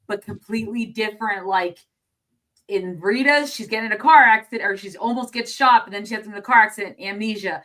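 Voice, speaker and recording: A woman's voice: mid-range voice, fairly quick, a bit bright. Rambling woman co-host discussing a film. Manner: rambling, thinks aloud with many restarts.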